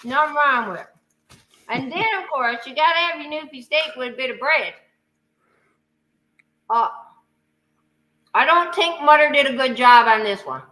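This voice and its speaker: A woman with a Newfoundland accent, a lively, teasing storyteller on a video call. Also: high voice, normal speed, long pauses, poor audio. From Newfoundland, Canada. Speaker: guest. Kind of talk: joking live-stream chat.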